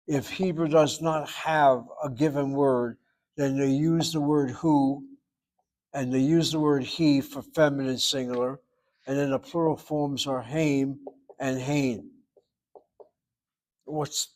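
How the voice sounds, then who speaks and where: A man teaching a Hebrew class, lecturing emphatically, talking straight to his students and slowing down to stress key words. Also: on the high side, fairly even intonation, a little mellow.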